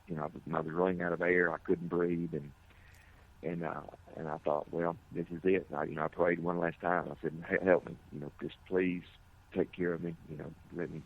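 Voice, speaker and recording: A middle-aged man, a firefighter, giving an earnest, halting personal account in an interview, with many restarts. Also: low-pitched. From United States. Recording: tinny phone-like audio.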